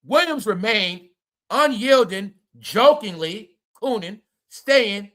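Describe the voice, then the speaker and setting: A man's voice: high voice, lively intonation, normal speed, bright, forceful tone. A man hosting a commentary video, ranting animatedly at viewers in a profane, conspiratorial way. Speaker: commentary show host.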